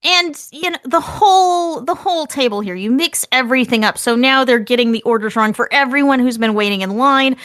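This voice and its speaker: Woman game master, fairly high voice, dry close sound, upbeat, explains step by step. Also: brisk, hardly any pauses, fairly bright tone, no echo. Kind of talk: narrating a tabletop game.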